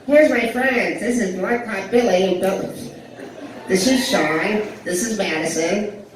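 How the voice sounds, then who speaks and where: A man putting on a high, chirpy voice, as if his blood clots were introducing themselves, on a live stand-up set. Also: a little slow, noisy background. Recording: echoey club heard from far off.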